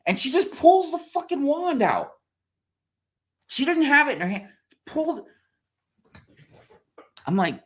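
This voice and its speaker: Brief: male streamer, profane comedic rant, lively up-and-down delivery, exasperated. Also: very high-pitched, slow, pauses often. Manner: swears constantly, animated and exasperated.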